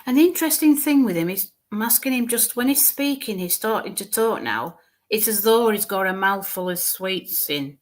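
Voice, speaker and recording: Speaking at a middling pitch with lively intonation, a woman gives a live mediumship reading. She stumbles and restarts, repeating words while describing her visions, and occasionally fades into soft, quiet murmurs.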